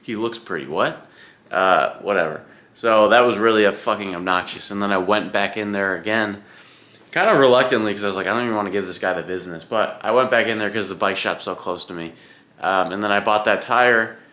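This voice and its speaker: A man's voice: lowish voice, brisk, bright, forceful tone. A young man vlogging about his Ironman training, chatting casually at home in front of his camera, rambling and swearing freely as he rants.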